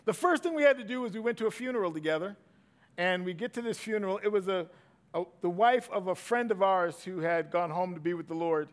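A middle-aged man preaching a sermon, swinging from loud emphatic bursts to hushed asides. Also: high-pitched, fairly quick. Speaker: pastor.

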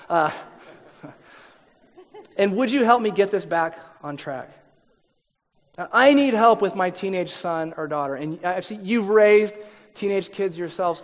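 A man's voice: high-pitched, big-room sound. A man preaching a sermon, chatting with his listeners, asking them questions and acting out the people he quotes. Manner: conversational, asks the audience questions; acts out quoted people in voices. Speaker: pastor.

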